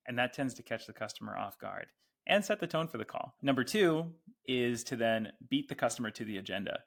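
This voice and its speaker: Man with gravelly fry, podcast guest, loose and playful, acts out calls. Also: medium pitch, animated, fairly quick. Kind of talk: casual podcast chat.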